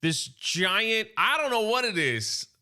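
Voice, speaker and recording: Speaking slowly in a smooth, high-pitched voice that swings widely in pitch, a comic book reviewer casually recounts a comic's plot, quoting what the characters say. His tone is bright and forceful, and "you know" and "he's like" come up constantly.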